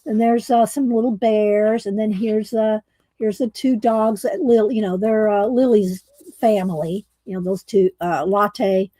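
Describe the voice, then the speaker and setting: A woman's voice: mid-range voice, steady tone, a little slow, mellow, dry recording. A woman hosting a coloring livestream, chatting casually and rambling with fillers and restarts. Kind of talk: casual chat while coloring.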